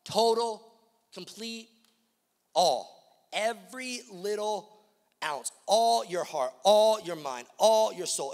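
A man preaching in a large church auditorium, his voice sitting high for a man. He swings between hushed lines and loud, emphatic repetition, asking the congregation direct questions. His words ring out with a long reverb off the hall. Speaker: pastor. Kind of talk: sermon.

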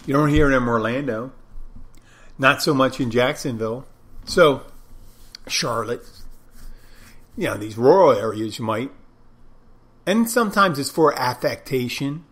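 A man's voice: mid-range voice, lively intonation, unhurried, long pauses, fairly bright tone. A man hosting a podcast, talking on his own in a loose, wandering way as he thinks aloud. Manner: rambling, digressive, thinking aloud. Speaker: podcast host. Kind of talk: casual solo podcast monologue.

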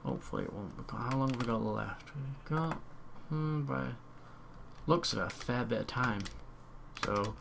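Give me a young man muttering through a let's play, over loud keyboard typing on a home mic. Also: mid-range voice, gravelly, a little hiss or hum. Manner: chatty, mutters and repeats words while playing. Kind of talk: casual gameplay commentary.

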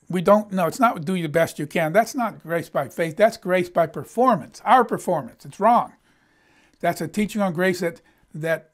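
A middle-aged male pastor preaching a sermon in an emphatic, conversational way. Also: high-pitched.

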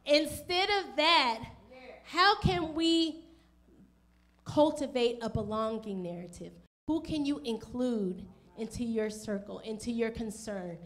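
A woman's voice: a little high, slow pace. A woman pastor preaching a sermon to an online congregation, asking direct questions and acting out the people in the story. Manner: animated, acts out voices of people in the story.

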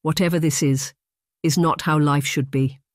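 In an audiobook, a narrator voices a sheltered young English noblewoman who is prim and defiant, with a trembling, shaken edge. The natural voice is medium-pitched, steady, and moderately paced, in clean studio sound with no room tone.

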